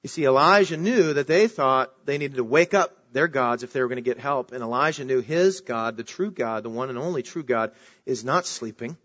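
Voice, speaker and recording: A man's voice: mid-range voice, moderate pace, fairly bright tone. A male pastor preaching a sermon in a conversational way, rising for emphasis on key phrases. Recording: dull lo-fi recording.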